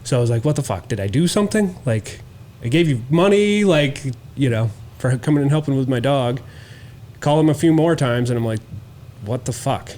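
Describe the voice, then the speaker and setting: A man's voice: mid-range voice, moderate pace. Profane storytelling man on a podcast. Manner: animated, profane storytelling with acted-out quotes. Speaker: podcast co-host. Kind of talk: casual storytelling chat.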